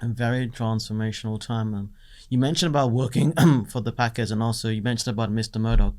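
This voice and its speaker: A man's voice: medium pitch, fairly quick, darkish tone. A man interviewing a guest on a podcast, asking questions in a conversational way. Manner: conversational, with fillers.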